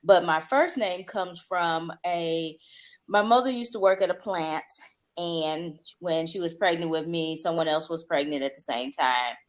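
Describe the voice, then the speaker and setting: Chatty lower-voiced woman guest. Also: measured pace. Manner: chatty storyteller, laughs often. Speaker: guest, social media expert. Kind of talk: casual interview chat.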